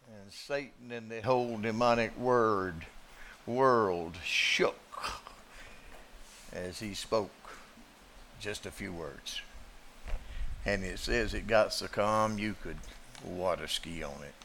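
A man preaching a sermon in a dramatic way, moving from hushed asides to loud declarations. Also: fairly low pitch, takes it slowly, pauses often, a little hiss or hum.

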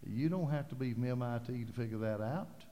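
A man preaching a sermon in a church, impassioned, building to loud, fervent preaching. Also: mid-range voice, a little fast, slight background noise. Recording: hall reverb.

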